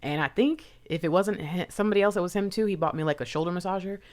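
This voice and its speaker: A woman's voice: fairly low pitch, fast, darkish tone. A woman hosting her own channel, talking to viewers in a rambling, heartfelt casual chat and laughing often. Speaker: intuitive reader and channel host.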